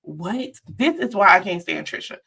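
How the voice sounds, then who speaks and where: A woman's voice: medium pitch, unhurried, pushed and bright. A woman giving a chatty, sassy live-stream recap of a reality show, talking straight to her viewers.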